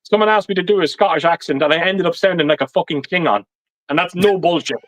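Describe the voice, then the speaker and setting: A man's voice: fairly high pitch, fast, low-quality recording. A man hosting a casual livestream chat, swearing often and laughing as he stumbles over restarts. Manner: swears constantly, laughs a lot, stammers on restarts. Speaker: livestream host.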